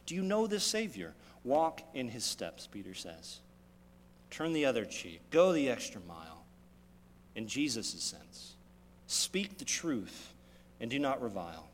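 Male pastor, mid-pitched, dynamic sermon delivery with dramatic shifts in volume, church hall reverb. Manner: dynamic preaching with sharp swings in loudness and pitch. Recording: long reverb of a large hall.

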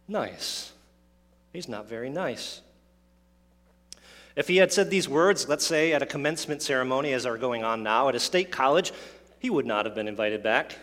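A man's voice: medium pitch, a bit bright. A man preaching a sermon, explaining a scripture passage, asking rhetorical questions and adding asides. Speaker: pastor. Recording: long hall reverb.

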